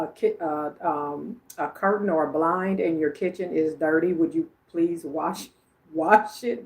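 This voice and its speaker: On a casual livestream, an Illinois woman works as a psychic medium, relaying messages conversationally and breaking into frequent laughter. Her voice is low and a little mellow.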